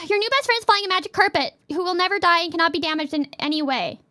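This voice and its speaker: A woman streamer chatting casually and reading questions aloud, giggly and playful, sometimes bursting into a yell. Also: very high-pitched, fast, no echo.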